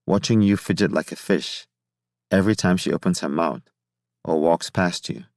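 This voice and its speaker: A man's voice: low voice, normal speed, creaky, no room sound, studio quality. A man voicing a jovial older male scientist who teases and coaxes his younger colleague in a playful, fatherly way. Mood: coaxing. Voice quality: rich, warm laugh.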